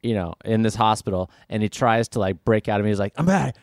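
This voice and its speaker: A man's voice: lowish voice, steady tone, no echo, clean studio sound. A man co-hosting a comedy podcast who narrates an improvised story and jumps into characters' lines. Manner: acts out lines of characters in quick bursts.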